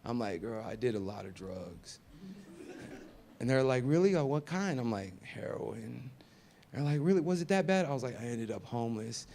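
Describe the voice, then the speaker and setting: A man in his thirties doing stand-up comedy, with a voice of ordinary pitch for a man. He tells long personal stories and jumps into the voices of the people in them. His delivery moves between loud punchlines and soft, muttered asides. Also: big pitch swings, brisk. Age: 30s. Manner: storytelling, acts out quoted voices, swings loud and soft.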